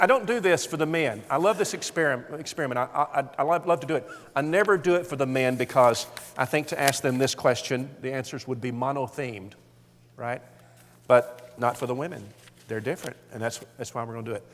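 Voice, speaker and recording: Man, marriage seminar preacher, folksy storyteller, mid pitch, long hall reverb. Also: moderate pace, vocal fry, long pauses. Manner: folksy storytelling, acts out quoted voices. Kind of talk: seminar talk to married men.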